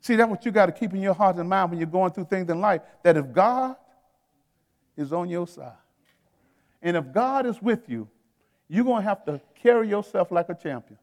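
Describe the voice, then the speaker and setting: In a big-room space, a high-voiced pastor preaches at a moderate pace with animated energy. He talks to his congregation in a folksy, chatty manner, speaking right to them and chuckling between his points.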